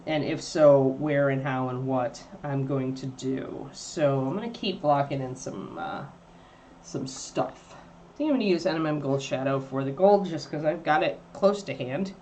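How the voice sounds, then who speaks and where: A woman's voice: measured pace, dark tone, a little hiss or hum. A woman hosting a livestream, chatting casually and rambling while she paints miniatures. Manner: rambling and chatty, baby-talking to her dog in a high voice.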